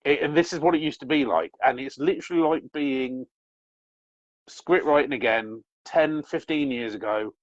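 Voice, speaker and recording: A man's voice: mid-range voice, normal speed, no room sound. A man who writes scripts, talking in a casual chat, enthusiastic and rambling, correcting himself as he goes. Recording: dry, slightly dull lo-fi audio.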